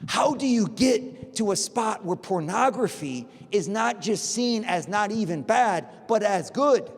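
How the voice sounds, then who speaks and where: A man, a priest, giving a lively conference talk full of rhetorical questions and acted-out dialogue. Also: sits high. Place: large conference hall. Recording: long hall reverb.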